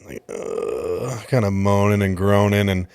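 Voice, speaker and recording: Man, low voice, profane, exasperated storytelling, dry close sound. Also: normal speed, no room sound. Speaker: podcast host and jiu-jitsu gym coach. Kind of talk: casual storytelling.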